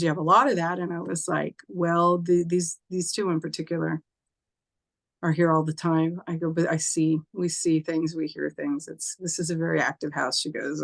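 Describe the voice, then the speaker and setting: A woman telling a personal ghost story in casual chat, acting out what people said in a lifted voice. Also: creaky. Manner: animated, acts out quoted voices with raised pitch; conversational, with fillers and occasional laughs. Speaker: spiritual teacher and host.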